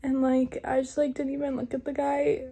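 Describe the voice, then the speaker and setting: A young woman with a high-pitched, gravelly yet mellow voice speaks at a normal speed and in a monotone. She's casually vlogging, but she sounds shaken and upset, rambling and filling her speech with "like" and "um."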